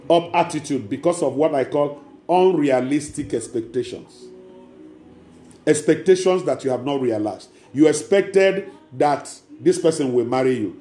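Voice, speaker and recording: Male preacher, fairly high yet mellow voice, emphatic repetitive sermon, echoey hall with faint music behind. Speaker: pastor.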